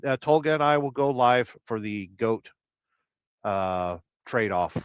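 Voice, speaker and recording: A man from Southern California hosting a casual trucking livestream. He reads viewer comments aloud and rambles through deadpan, absurd jokes. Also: on the low side, unhurried, clean tone, no room sound. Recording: dry, slightly dull lo-fi sound.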